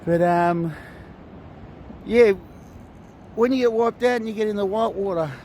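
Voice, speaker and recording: A man's voice: sits high, measured pace, a little mellow, a little hiss or hum. Laid-back Australian man at the beach. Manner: laid-back, swears freely, rambling. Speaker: vlogger. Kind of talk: casual outdoor vlog. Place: outdoors at a beach.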